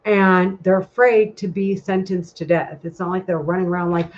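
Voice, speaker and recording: A woman's voice: mid-range voice, steady tone, normal speed, few pauses. A woman talking in a casual vlog monologue, rambling and heated, with a lot of swearing. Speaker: vlogger. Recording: muffled lo-fi recording.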